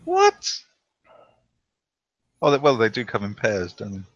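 A man plays in a tabletop horror game, announcing his character's moves with dry humour. His voice sits a little low. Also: quick pace, a bit bright, no echo, highs cut off. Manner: dry, joking in-character declarations. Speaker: player. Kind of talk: casual tabletop game play.

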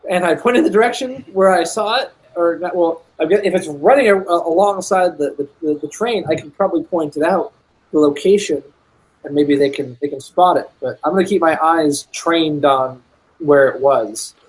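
A man's voice: a little high, moderate pace, low-quality recording. A man playing a tabletop game, stammering and restarting as he thinks aloud about his moves. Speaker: player.

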